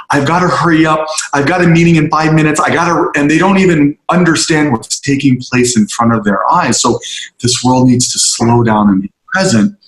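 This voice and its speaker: Male storyteller, earnest, slows down for emphasis; mid voice, roomy echo. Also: mid-range voice. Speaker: speaker addressing a group. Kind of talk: storytelling talk to a group. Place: on location, roomy space.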